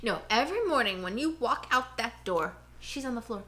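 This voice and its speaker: A woman's voice: on the high side, animated, moderate pace, sharp tone. A woman co-hosting a casual podcast at home, ranting animatedly about her day and her dogs. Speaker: podcast co-host. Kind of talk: casual chat. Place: home living room.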